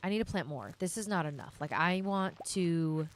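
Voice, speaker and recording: A woman's voice: on the low side, animated, moderate pace, a little hiss or hum. A young woman giving casual, rambling gameplay commentary as a gaming vlogger, chatting directly to her viewers.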